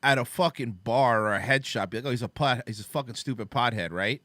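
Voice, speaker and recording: A man co-hosting a casual talk show, reacting to a video in a brash, profane way and swinging between loud and low. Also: fast, dry recording. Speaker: podcast co-host.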